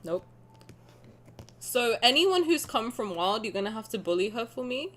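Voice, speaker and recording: A woman streaming a game, chatting in an excitable, laughing way that bursts into yells. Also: a little high, moderate pace. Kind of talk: excited casual reaction stream chat.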